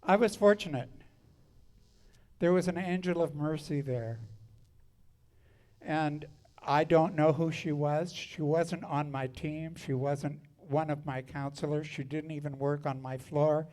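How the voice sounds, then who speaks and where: A man's voice: fairly high pitch, fairly even intonation, measured pace, darkish tone. A man in his seventies telling stories on stage between songs, speaking frankly and wryly with crude jokes. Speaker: singer and storyteller on stage. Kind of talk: spoken storytelling between songs at a live show. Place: live music venue.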